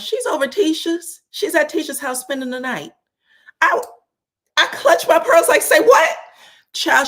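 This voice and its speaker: A woman chatting casually on a live stream, telling family stories with frequent laughs and acting out quoted lines in a raised voice. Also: fairly high pitch. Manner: animated, laughs often, acts out quotes in a raised voice.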